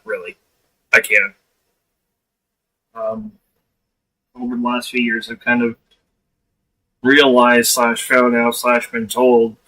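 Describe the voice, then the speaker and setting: A man's voice: medium pitch, gravelly, sharp tone. A man hosting a casual livestream chat, blunt and laughing often, swearing freely. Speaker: livestream host. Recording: voice distant from the mic.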